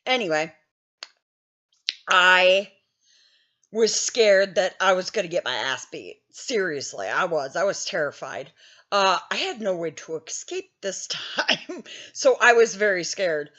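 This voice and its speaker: A woman's voice: lowish voice, sing-song, unhurried, a bit bright, dull audio. A woman in her fifties telling a story in a casual, blunt way, laughing often and swearing freely. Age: 50s. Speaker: gaming channel host.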